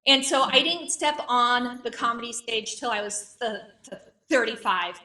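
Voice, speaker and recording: A woman in her late thirties performs a stand-up comedy set with a stutter, repeating and blocking on sounds. Her delivery is wry and self-mocking. Her voice is high and bright, picked up from a distance. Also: moderate pace.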